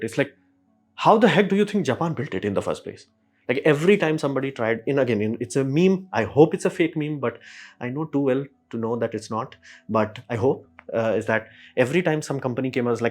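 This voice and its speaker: A man, a channel host giving blunt, opinionated solo commentary that slips into quick mimicry of other people. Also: mid-range voice, animated, darkish tone. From India.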